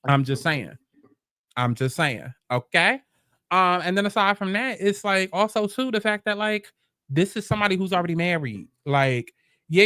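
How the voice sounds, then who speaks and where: Male commentary host, higher voice, exasperated and sarcastic, swears freely, repeats lines for emphasis. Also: fairly bright tone, dry recording. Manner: blunt, profane, repeats phrases for emphasis; exasperated, sarcastic rhetorical questions. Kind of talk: storytime commentary rant.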